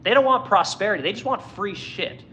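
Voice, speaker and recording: A man's voice: high voice, animated, a little fast, bright, forceful tone, slight background noise, rough recording. A man who owns a furniture business, ranting angrily and swearing constantly in a heated monologue. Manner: profane, angry, heated. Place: furniture workshop in Missouri.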